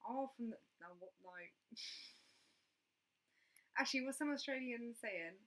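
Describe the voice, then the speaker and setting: A woman hosting a casual livestream, her voice bright and forceful. She rambles along in a chatty way, full of fillers and restarts. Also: fairly high pitch, measured pace. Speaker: livestream host.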